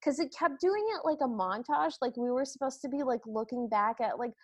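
A woman's voice: sits high, brisk. A woman co-hosting a podcast, recapping a film in casual chat with a wry, mocking tone. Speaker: podcast co-host.

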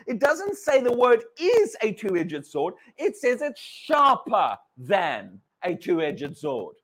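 A man from Britain preaching a sermon, animated, repeating words and asking his congregation questions. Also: sits high, normal speed, hardly any pauses. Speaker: pastor.

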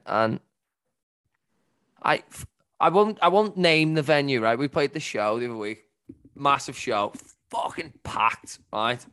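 A man's voice: mid-range voice, a bit bright, smooth. A man, a musician on a casual podcast, ranting through a story and swearing, checking in with "right?" often. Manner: ranting anecdote-teller who says "right?" often and swears a lot.

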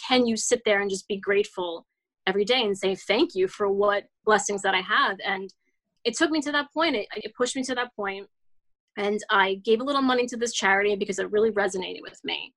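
Woman, late 30s, interview guest; rambling, restart-heavy, earnest delivery, mid-pitched. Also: fairly quick, fairly bright tone. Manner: rambling, many restarts and fillers, heartfelt. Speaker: guest author. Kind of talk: casual interview storytelling.

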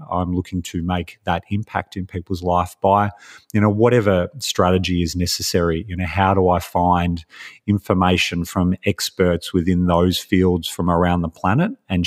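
Deep-voiced Australian man. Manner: relaxed, rambling with many fillers. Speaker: guest, life coach. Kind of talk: casual podcast interview. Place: home in Melbourne, remote call.

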